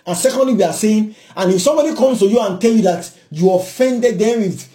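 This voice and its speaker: A man's voice: high-pitched, brisk, mellow. A man with a Nigerian accent preaching a sermon, emphatic, repeating points and punctuating with hallelujah.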